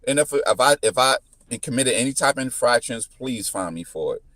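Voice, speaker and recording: A man in his thirties telling a story in casual chat, full of restarts, whose pitch jumps up when he quotes people. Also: fairly quick, dry recording. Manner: animated, repetitive restarts, jumps into high pitch when quoting. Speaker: podcast guest.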